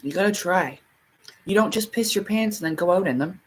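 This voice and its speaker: A woman's voice: lowish voice, expressive, fairly quick. A woman chatting casually on a livestream, rambling and laughing often. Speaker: livestream host.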